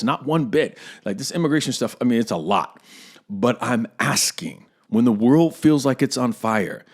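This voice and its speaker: A man hosting a podcast for actors, talking earnestly and conversationally to his listeners and repeating phrases for emphasis. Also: mid-range voice. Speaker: acting coach and podcast host. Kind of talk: casual podcast monologue.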